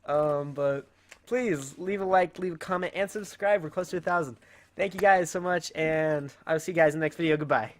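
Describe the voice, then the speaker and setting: Rambling teenage guy, slightly high voice. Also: moderate pace. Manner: rambling, with frequent self-amused laughs. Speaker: channel host. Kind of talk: casual storytelling vlog.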